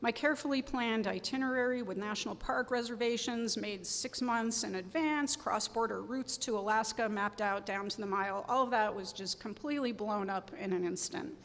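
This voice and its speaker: A woman's voice: mid-range voice, normal speed, hardly any pauses, fairly bright tone. A woman giving a sermon as guest preacher, telling a personal story in an earnest, reflective way. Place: church sanctuary. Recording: long reverb of a church sanctuary.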